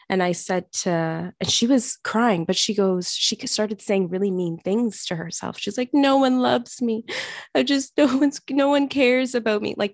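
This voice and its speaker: Chatty animated woman, dry sound. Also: medium pitch, no room sound. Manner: chatty, animated storytelling with many fillers. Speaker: podcast host. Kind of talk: casual conversation.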